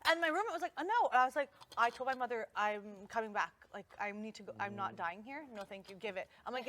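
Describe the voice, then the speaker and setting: A woman with a high, bright voice tells a story in casual chat. She acts out what people said as she goes. Her delivery is animated. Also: racing, few pauses. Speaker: reality show houseguest.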